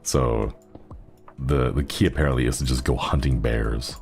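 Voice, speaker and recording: Male streamer, very low and gravelly, rambling chat over faint music, throat a bit strained. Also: steady tone, moderate pace, a little mellow. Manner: rambling, chuckles often, thanks viewers. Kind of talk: casual gaming stream chat.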